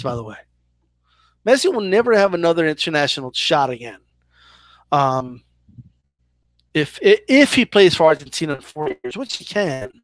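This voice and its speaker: A man's voice: a little high, fairly bright tone, dry recording. A man hosting a casual live Q&A about boxing, chatty and loose, full of "like" and "right?" as he answers viewer questions. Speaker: boxing channel host.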